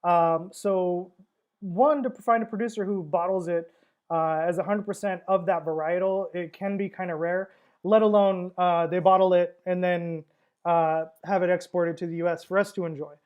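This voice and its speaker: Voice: mid-range voice, steady tone, moderate pace, a little mellow, muffled recording. A wine seller hosting a casual livestream tasting, talking in a chatty, rambling way with frequent fillers and laughs.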